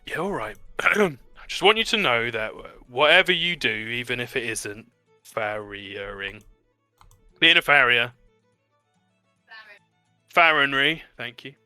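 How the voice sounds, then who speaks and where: A man's voice: medium pitch, animated, bright, forceful tone, clean tone, no room sound, faint music behind, exaggerated voice. A man voicing an awkward middle-aged stableman father who stumbles over his words and mumbles. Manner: halting, mumbling.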